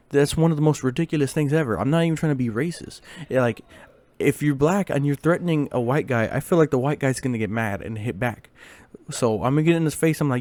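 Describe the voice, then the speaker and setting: A man's voice: mid-range voice, fast talker, a little mellow, no echo. Rambling young man telling a story. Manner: rambling, with many fillers and restarts. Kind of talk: casual storytime vlog.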